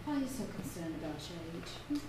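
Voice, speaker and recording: A woman playing a patient, caring younger sister in a live stage play, with a calm, soothing, gently firm manner. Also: fairly low pitch, fairly quick. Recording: echoey hall, far mic, loud noise.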